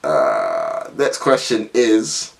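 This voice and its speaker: Animated young man telling stories. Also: fairly low pitch, extremely slow, vocal fry. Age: young adult. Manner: laughing, slangy, rambling storyteller. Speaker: vlogger. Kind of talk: casual storytelling vlog.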